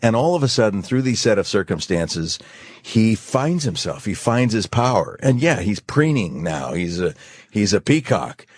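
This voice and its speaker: A low-voiced middle-aged man sits in as a guest on a radio talk show, chatting casually. His talk is playful and easy, and the sound is dry and close to a studio mic. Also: very animated, normal speed, a little mellow, slightly rough, dry recording. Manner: laughing, playful, puts on voices in anecdotes. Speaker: guest actor. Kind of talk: casual radio interview chat.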